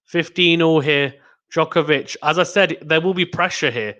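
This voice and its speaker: Excitable male tennis stream commentator. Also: fairly high pitch, normal speed. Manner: excitable, rising to exclamations on big points; reads out chat messages to viewers. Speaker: host of a live tennis watchalong stream. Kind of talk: live play-by-play commentary.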